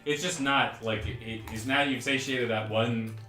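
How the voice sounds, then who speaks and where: Casual game master in an echoey room. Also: male voice, mid-range voice, steady tone, moderate pace, pushed and bright, soft background music. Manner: rambling, casual, many fillers. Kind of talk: narrating a tabletop game.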